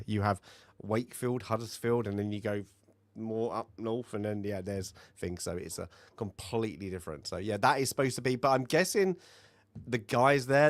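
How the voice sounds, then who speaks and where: A man co-hosting a film review show, chatting loosely and rambling through his points with plenty of fillers and restarts. His voice sits at a middling pitch. The sound is dry and close, with no room in it. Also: dry recording. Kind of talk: casual chat.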